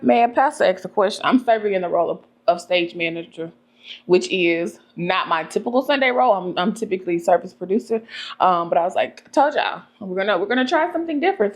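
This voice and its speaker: A young woman telling stories to camera in a vlog, animated and laughing often. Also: on the high side. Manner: animated, laughs often, talks fast when excited. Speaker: vlogger. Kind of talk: casual storytelling to camera.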